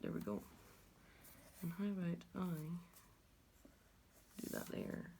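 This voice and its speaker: A woman's voice: fairly low pitch, sing-song, takes it slowly, dark tone, slight background noise. A woman creator musing aloud as she draws, making clicking sounds with her voice while she thinks. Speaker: video creator.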